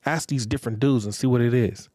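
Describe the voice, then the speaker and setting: A man's voice: mid-range voice, fast talker, mellow, no echo. A man hosting a podcast, giving relationship advice in a blunt, profane, lecturing monologue and repeating phrases for emphasis. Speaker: podcast host.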